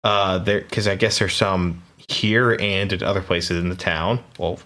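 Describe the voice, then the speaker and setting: A man's voice: low voice, steady tone, measured pace, pushed and bright. An American man co-hosting a podcast, recounting ghost reports in a laid-back, jokey way with hesitant restarts. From United States. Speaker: podcast co-host. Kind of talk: casual chat, reading paranormal research.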